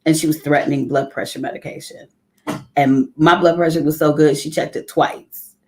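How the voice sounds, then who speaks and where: A woman's voice: deep voice, fairly even intonation, normal speed, darkish tone. A woman leading a live morning devotional, speaking in a heartfelt, conversational way and greeting viewers by name. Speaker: ministry leader.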